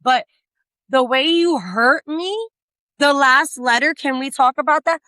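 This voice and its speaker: Podcast co-host, woman, bright higher voice, swears freely, animated storyteller, dry close mic. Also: unhurried, dry recording. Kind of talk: casual chat.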